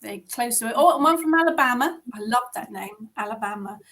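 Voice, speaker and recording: A chatty woman, her voice sitting a little high. She greets people one after another in a bubbly, easygoing way, heard through a video-call mic. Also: expressive, a little fast, a bit bright. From England. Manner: chatty and bubbly, laughs often. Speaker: coven leader hosting an online ritual. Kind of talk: casual chat greeting participants.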